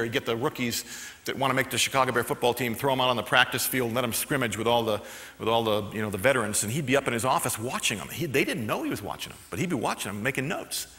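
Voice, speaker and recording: A man telling a motivational story to a live audience, chatty with quick asides, in an echoey hall. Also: mid-range voice, bright, forceful tone. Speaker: motivational speaker.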